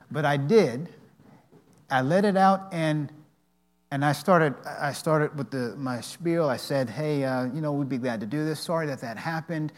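A man giving an earnest devotional talk with personal stories. He speaks haltingly, with many restarts. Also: fairly high pitch.

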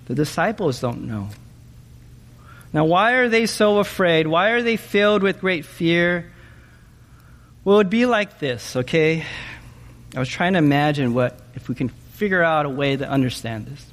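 A man preaching a sermon in an animated way, often asking his listeners questions and checking in with them with "okay?". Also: on the high side, a little slow, pauses often, in a large hall. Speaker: pastor.

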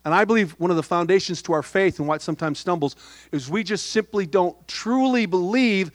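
Middle-aged male pastor, light higher voice, soft-spoken sermon storyteller, dry sound. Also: a little fast, dry recording. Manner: storytelling with humor and quoted dialogue.

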